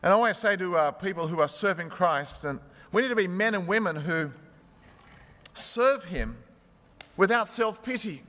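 Man preaching a sermon, earnest storyteller, highish voice, echoey church. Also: expressive, moderate pace, a bit bright. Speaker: pastor.

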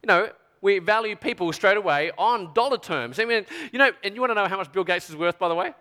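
A man giving an animated storytelling talk to an audience, full of chatty asides. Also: high-pitched, quick pace, in a large hall. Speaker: speaker addressing an audience.

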